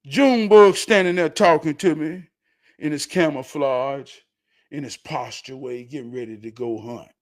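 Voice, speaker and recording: A man hosting his show tells a story at a moderate pace. His animated delivery swings from low mutters to loud, excited shouts.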